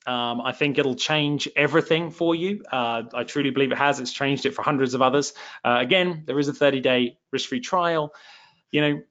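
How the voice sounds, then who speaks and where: An online course host from England, a chatty southern English man, answers questions in a live webinar Q&A. His mid-range voice is a bit bright and moves at a moderate pace, full of fillers and self-deprecation. The recording is lo-fi.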